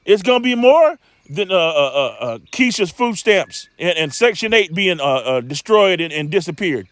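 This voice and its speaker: A man's voice: sits high, very animated, normal speed, fairly bright tone, no echo. A man teaching scripture in a loose sermon style, rambling and emphatic, with lots of stammering restarts and streetwise asides.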